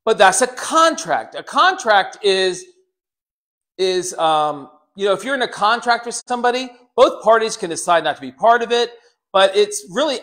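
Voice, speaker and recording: A man's voice: sits high, normal speed. A man preaching a sermon, talking straight to his congregation and acting out the quotes he tells. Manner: animated, dramatizes quotes with put-on voices; talks directly to congregation members. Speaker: pastor.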